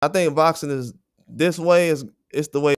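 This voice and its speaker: A man's voice: fairly high pitch, normal speed, clear, resonant tone, no room sound, clean studio sound. Blunt, profane man ranting on a livestream. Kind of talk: heated livestream rant.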